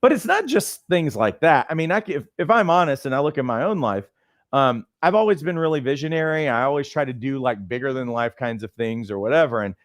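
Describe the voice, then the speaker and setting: A middle-aged man and life coach trainer who teaches through animated, conversational personal stories. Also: mid-range voice, a little fast, no room sound, studio quality. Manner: conversational, lots of fillers and restarts, animated storytelling.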